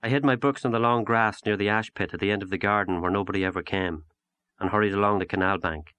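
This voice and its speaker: A man with a somewhat low voice narrates a literary short story at a measured, unhurried pace. The recording is close and dry, with no room sound around him. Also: fairly even intonation, bright, forceful tone, no echo. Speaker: audiobook narrator.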